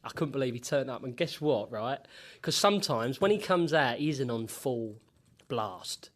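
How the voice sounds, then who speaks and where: A man, a former footballer, talking casually and loudly, swearing a lot and laughing through his own stories. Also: mid-range voice, animated, normal speed. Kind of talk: casual banter.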